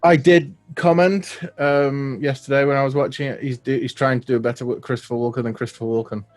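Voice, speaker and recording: A man's voice: mid-range voice, fairly even intonation, quick pace, a little mellow, faint music behind. A man, recapping a film's plot in a dry, wry way during a casual podcast chat. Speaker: podcast co-host. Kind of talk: casual film discussion.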